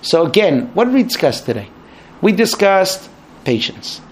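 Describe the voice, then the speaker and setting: A man giving a lecture, animated, acting out quoted exchanges in raised voices. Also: high-pitched, moderate pace, slight background noise. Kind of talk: spoken lecture to an audience.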